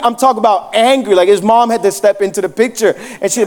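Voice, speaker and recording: A man's voice: high-pitched, fast, few pauses, a little mellow, a little hiss or hum. A young adult man preaching a sermon as pastor, telling jokey stories and putting questions to the crowd. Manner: joking, storytelling, asks the crowd questions.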